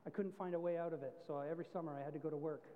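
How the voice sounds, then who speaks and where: A male pastor preaching in a relaxed, story-telling way, his voice sitting high for a man. The sound is dull and muffled, with a long church-hall reverb trailing each phrase. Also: rapid-fire. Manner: conversational, explains with everyday stories. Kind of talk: sermon.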